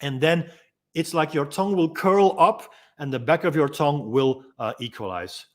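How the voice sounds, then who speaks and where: Calm, gentle-voiced man teaching freediving. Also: fairly high pitch. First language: Dutch. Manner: calm, gentle explaining with frequent ums and pauses. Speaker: freediving instructor. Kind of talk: instructional demonstration.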